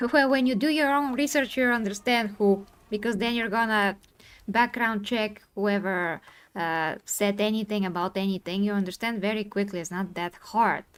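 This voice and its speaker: A woman streamer in a live discussion, earnest and insistent, explaining herself and quick to apologize. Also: mid-range voice, smooth. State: tired from talking.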